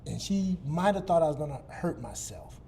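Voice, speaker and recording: Brief: middle-aged man from Detroit, fairly high voice, animated storyteller who talks to a group. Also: normal speed, gravelly, husky. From Detroit, USA. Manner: animated, vivid storyteller with repetitions. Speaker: guest speaker. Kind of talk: casual storytelling talk.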